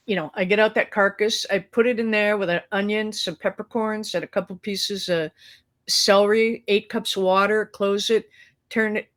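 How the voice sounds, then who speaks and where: A woman's voice: medium pitch, fairly bright tone. A middle-aged woman co-hosting a live talk show over a video call, chatting casually and rambling with fillers and restarts. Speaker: co-host. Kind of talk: casual chat.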